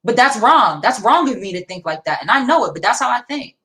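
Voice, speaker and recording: A woman's voice: a little high, very animated, fast, hardly any pauses, a bit bright, rough recording. A young woman, talking bluntly and defiantly with heavy profanity in a casual livestream discussion. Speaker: livestream co-host.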